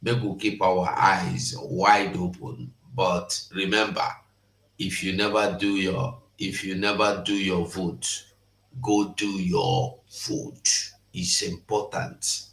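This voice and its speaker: Deep slow Nigerian man in a roomy space. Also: little pitch movement, creaky, a bit bright. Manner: mixes Pidgin and English, measured. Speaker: host. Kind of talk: casual livestream commentary. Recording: roomy echo.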